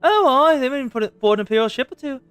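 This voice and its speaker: A man's voice: very high-pitched, expressive, very fast, a bit bright, voice pushed up. A man doing a swaggering pirate rogue. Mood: scheming. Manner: rough pirate-ish drawl. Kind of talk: reading game dialogue aloud.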